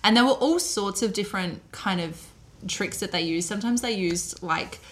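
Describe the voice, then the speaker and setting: A woman's voice: medium pitch, moderate pace, fairly bright tone. A woman hosting a casual chat, telling a history story with many fillers and easy laughs.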